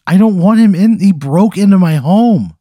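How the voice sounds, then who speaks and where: Annoyed deadpan podcast guy swearing at his buddy, warm low-key tone, dry mic. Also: normal speed, no room sound. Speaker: podcast co-host. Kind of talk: casual comedic banter.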